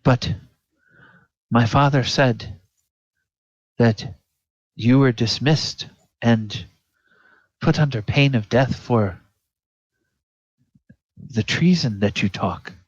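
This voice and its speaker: A man's voice: medium pitch, drawn-out words, long pauses, dry recording, highs cut off, pitched above the performer's own voice. A man voicing a demure, proper young princess who speaks hesitantly and earnestly. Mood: troubled.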